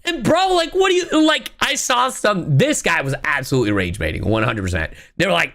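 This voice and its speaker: A woman's voice: low voice, very animated, brisk, hardly any pauses, a bit bright. A young woman streaming live, ranting in exasperation with lots of swearing while she reads out and answers her chat. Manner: reads viewer chat and thanks subscribers.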